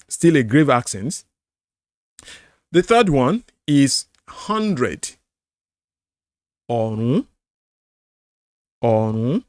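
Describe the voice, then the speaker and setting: A middle-aged Nigerian man with a Yoruba accent hosts a screen-share language lesson, explaining slowly, repeating words and singing tone syllables. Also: mid-range voice, no echo, studio quality. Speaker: apologetics channel host.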